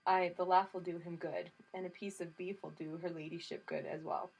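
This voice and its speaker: A woman reading an audiobook voices a gruff older male soldier who scolds bluntly in a heavy regional brogue. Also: fairly low pitch, little pitch movement, a little fast, a little mellow, highs cut off. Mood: dry. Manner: thick regional brogue, laid on heavily.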